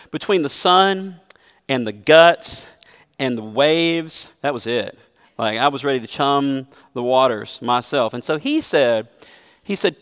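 A man's voice: mid-range voice, fairly bright tone, clean tone, in a large hall. A man preaching a sermon as a pastor, earnest and emphatic, mixing scripture with a personal story.

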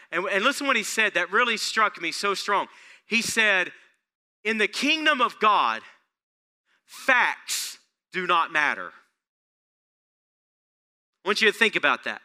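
A male pastor preaching a sermon, throwing rhetorical questions at the congregation and building excitement. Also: high voice, clean tone.

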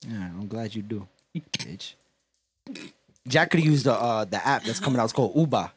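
Animated, joking man in casual chat. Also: lowish voice, moderate pace, slightly rough. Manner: laughing, rambling, animated storytelling.

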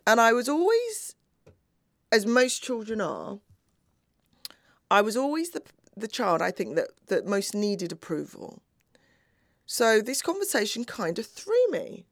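Sex: woman. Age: middle-aged. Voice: gravelly. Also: on the high side, big pitch swings, measured pace, long pauses, dry recording, clean studio sound. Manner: earnest, acts out remembered dialogue. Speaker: speaker. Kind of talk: personal storytelling talk.

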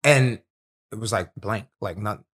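A man's voice: on the low side, normal speed. A young man, a professional fighter, telling fight stories in a casual podcast chat, streetwise and profane. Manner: streetwise, profane, animated storytelling.

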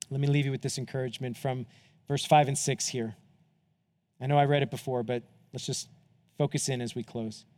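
A man preaching a sermon as pastor, earnest and moving from impassioned appeals to hushed, quiet closing words. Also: medium pitch, steady tone, fairly quick, long reverb tail.

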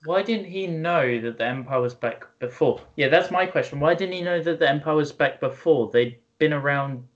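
A man's voice: fairly high pitch, moderate pace. A young man co-hosting a casual podcast, teasing and bluntly correcting facts. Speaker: podcast co-host. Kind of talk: casual chat. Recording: slightly dull lo-fi sound.

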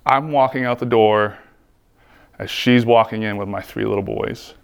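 A man's voice: fairly low pitch, fairly even intonation, normal speed, creaky, clean tone. A man sharing his personal faith testimony in an earnest, heartfelt way, often filling his talk with "like". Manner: earnest, heartfelt, frequent "like" fillers. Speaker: speaker giving a personal testimony.

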